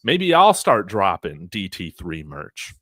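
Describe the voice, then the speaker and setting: A man hosting a college football fan livestream, talking in an excited, brash, trash-talking way. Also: sits low, slow, no echo, clean studio sound.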